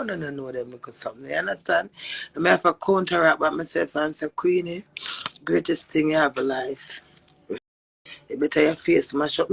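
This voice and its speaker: A woman's voice: low-pitched, gravelly, husky, dry recording. A middle-aged Jamaican woman chatting casually on a live stream, telling stories and laughing often. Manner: animated storytelling with frequent laughs.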